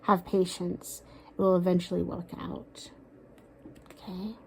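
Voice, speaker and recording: A woman doing a casual tarot reading, talking aloud to a spirit, with sighs, pauses and soft asides. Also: on the low side, flat delivery, creaky, a little hiss or hum. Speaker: tarot card reader.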